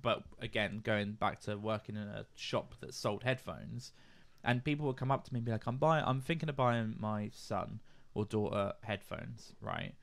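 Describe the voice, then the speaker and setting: A man's voice: fairly low pitch, moderate pace, creaky. A man co-hosting a podcast, telling wry anecdotes in casual chat. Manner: chatty, wry anecdotes with quoted voices. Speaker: podcast co-host.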